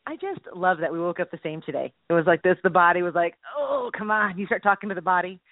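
A woman's voice: lowish voice, quick pace, dry recording. A woman co-hosting a casual radio talk show, playful and laughing. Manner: animated, laughing, playful mimicry. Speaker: co-host. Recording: tinny phone-line radio sound.

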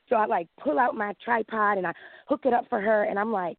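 A woman in her thirties calling in, telling a long personal story in a lively way, acting out quotes and laughing often. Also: mid-range voice, brisk, dry recording. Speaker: caller. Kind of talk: casual storytelling. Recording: dry tinny phone line.

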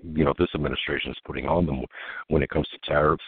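A man's voice: a bass voice, fairly even intonation, quick pace, breathy edge, dry recording. A man co-hosting a political talk radio show, telling stories animatedly and laughing as he goes. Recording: phone-line quality.

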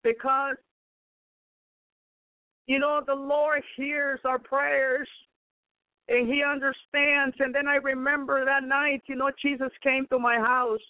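A woman gives a fervent sermon-style testimony at a slow, unhurried pace. Her voice sits high but stays fairly flat in melody. The sound is narrow and tinny like a phone line. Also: no room sound. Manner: fervent, peppered with praise exclamations. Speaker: preacher. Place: home in Chicago.

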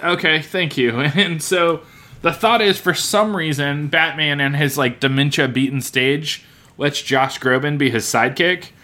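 Bright-voiced young man, laughing. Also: on the high side, a little slow. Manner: laughing, loose storytelling. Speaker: podcast co-host. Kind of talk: improvised comedy pitching.

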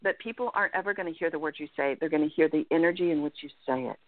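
A woman life coach giving earnest, animated advice as a guest in an interview, often checking in with "right?". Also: low-pitched, racing, no room sound. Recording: dry, tinny phone-line sound.

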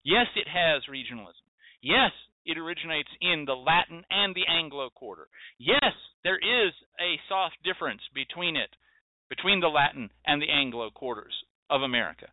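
A man's voice: on the high side, expressive, normal speed, no echo. Emphatic male host on a tinny line. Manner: emphatic, preachy, repeats phrases for effect. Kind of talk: impassioned monologue. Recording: dry tinny phone-like sound.

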